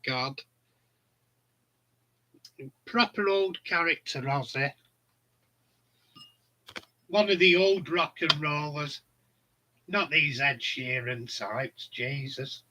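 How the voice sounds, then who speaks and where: Slow, bright-voiced man. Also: a little high, rough recording. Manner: rambling, blunt, laughs at his own stories. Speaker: channel host. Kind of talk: casual chat.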